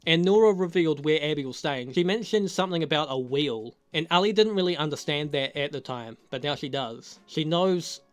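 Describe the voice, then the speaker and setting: A man's voice: on the high side, brisk, hardly any pauses. A young adult man giving a casual spoken TV episode review, talking loosely, swearing a lot and laughing often. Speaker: TV show reviewer.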